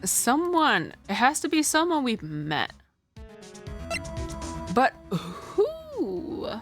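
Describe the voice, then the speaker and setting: A woman's voice: high-pitched, very animated, measured pace, music in the background. A woman streaming a video game, thinking aloud in a chatty way full of "like"s. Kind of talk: casual game stream commentary.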